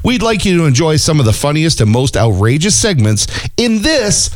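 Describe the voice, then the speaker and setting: A man's voice: on the high side, very animated, brisk. A man co-hosting a comedy show, introducing segments and teasing his co-hosts in a playful way. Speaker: co-host.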